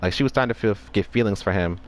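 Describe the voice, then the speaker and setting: A man's voice: lowish voice, racing, a little hiss or hum. A man casually recapping a story, rambling with restarts and acting out the characters' lines.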